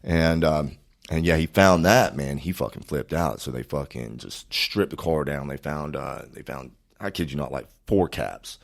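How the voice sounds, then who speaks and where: A man tells his story as a podcast guest. His voice sits extremely low, and he talks in a loose, rambling way, swearing freely and leaning on fillers. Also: normal speed, creaky. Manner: profane, rambling, frequent fillers. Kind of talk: casual storytelling.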